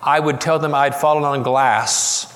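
A middle-aged man preaching a sermon, telling a story and quoting it with slow, soft emphasis. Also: medium pitch, fairly even intonation, big-room sound. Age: middle-aged or older. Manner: storytelling, quoting, slowing and softening for tender moments. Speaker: pastor.

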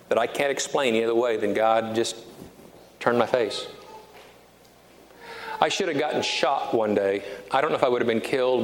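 A man in his fifties preaching a sermon as a pastor, emphatic, repeating key phrases and slowing down to stress them. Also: medium pitch. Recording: reverberant hall with faint noise.

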